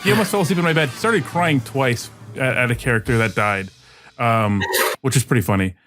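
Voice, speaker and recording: A man's voice: mid-range voice, brisk, over music. A man hosting a podcast, telling a rambling story in a casual way, often restarting his sentences and laughing as he goes. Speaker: podcast host.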